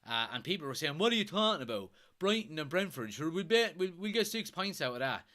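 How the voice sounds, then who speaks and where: Exasperated Irish man, bright voice. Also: a little high, big pitch swings, quick pace. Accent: Irish, Kilkenny. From Ireland. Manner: exasperated, swearing, reads viewer comments aloud. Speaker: fan watchalong host. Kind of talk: live football watchalong commentary.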